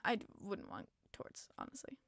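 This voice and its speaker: A woman's voice: normal speed, a bit bright, no echo, clean studio sound. A young woman hosting a casual hockey podcast stream, chatty and opinionated, answering chat and sounding tired. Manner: chatty, opinionated fan reading chat comments. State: tired, yawning. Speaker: podcast host.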